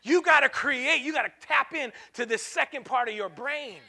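A man preaches in a church with a very high, keen and piercing voice. He swings from soft, hushed lines to sudden shouted peaks, repeating phrases for the congregation. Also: normal speed, creaky. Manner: repetitive call-and-response phrasing. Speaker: pastor. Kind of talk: sermon.

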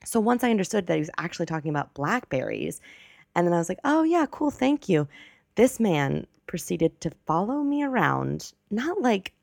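A woman in her twenties telling a story on her podcast in a rambling, self-correcting, chatty way. Her voice is low and gravelly, recorded close on a podcast mic with a dry sound and no room echo. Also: very animated, a little fast. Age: 20s. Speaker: podcast host. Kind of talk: casual storytelling monologue.

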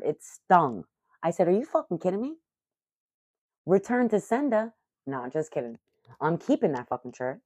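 A woman in her thirties telling a story casually to the camera as a vlogger, animated, profane and self-mocking. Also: sits low, no room sound. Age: 30s. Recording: muffled lo-fi audio.

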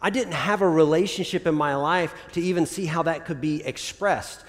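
A man delivering a relaxed, conversational sermon, his voice sitting a little higher than most men's. He keeps tagging his points with quick "right?" and "okay?" checks to the room. The sound hangs in the long reverb of a big church sanctuary. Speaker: pastor. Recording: long reverb of a large hall.

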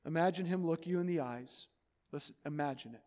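A man preaching a sermon as pastor of his church, earnest, moving between loud urging and soft, hushed pleading. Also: fairly high pitch, a little fast, big-room sound. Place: church sanctuary.

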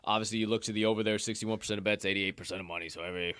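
A man's voice: fairly low pitch, steady tone, racing, hardly any pauses, fairly bright tone, clear, resonant tone, no echo. A man hosting a sports betting show from a sportsbook, chatting casually with loose, profane joking asides.

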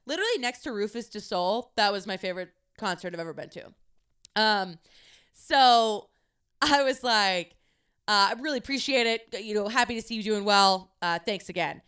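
Bright, chatty young woman podcaster. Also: on the high side, a little fast, smooth. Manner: chatty, swears freely, animated quoting. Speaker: podcast host. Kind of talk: casual storytelling monologue.

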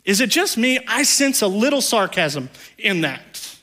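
This pastor's sermon moves unhurriedly with big pitch swings, dropping to hushed low lines and rising to loud ones, plus playful conversational asides.

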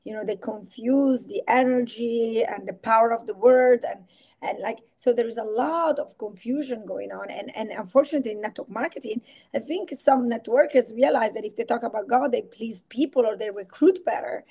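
A woman, a podcast guest telling stories in casual, animated talk, acting out what people said. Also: fairly high pitch, moderate pace. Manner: animated storyteller acting out quotes. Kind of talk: casual faith-based interview talk.

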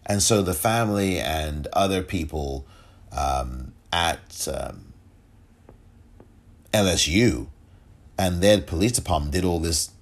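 A man hosting a solo commentary podcast, emotional and halting, often repeating himself. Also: sits low, expressive. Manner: emotional, halting, repeats himself, audibly moved to near tears. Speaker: podcast host.

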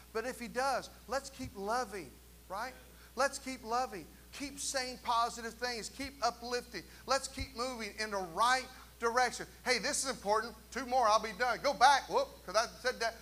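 Pastor, male. High, bright voice, animated preaching with quips and asides. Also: slight background noise. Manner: animated preaching with jokes and call-and-response asides. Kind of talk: sermon. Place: church sanctuary.

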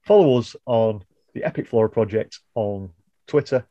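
Man, mellow dull-sounding podcast voice. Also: on the low side, expressive, moderate pace, no echo. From United Kingdom. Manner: rambling, self-correcting, apologetic. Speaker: podcast co-host. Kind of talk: casual podcast chat.

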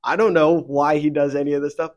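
A man's voice: fairly high pitch, quick pace. A young man co-hosting a faith podcast, talking casually and rambling with many fillers, getting heated when he vents. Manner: rambling, filler-heavy, animated when venting. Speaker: podcast co-host.

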